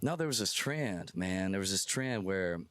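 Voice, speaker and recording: A man with a fairly low voice tells a story in a lively, self-deprecating way. His delivery is animated and casual. The sound is dry and close, with no room around it. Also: normal speed, dry recording. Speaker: musician guest. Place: music festival.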